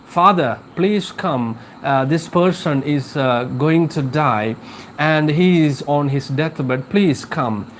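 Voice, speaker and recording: A man's voice: a little high, slow, a little hiss or hum. A man voicing an urgent male messenger who begs a priest to come. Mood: pleading. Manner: pleading.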